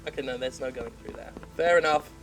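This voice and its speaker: A woman's voice: a bass voice, fast talker, soft background music, low-quality recording. A woman game critic giving sarcastic, profane commentary while playing. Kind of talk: sarcastic let's-play commentary.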